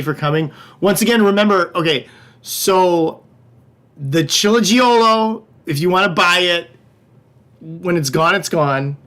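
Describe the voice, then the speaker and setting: A man's voice: a little high, fairly bright tone. A middle-aged man hosting a livestreamed wine tasting class. He talks in a casual, joking, loose way and swears now and then. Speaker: wine shop host.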